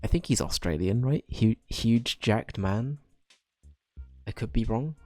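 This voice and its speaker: A man's voice: medium pitch, lively intonation, a little slow, darkish tone, dry recording, faint music behind. A young man chatting casually while streaming a game. He rambles, restarts his sentences and laughs often.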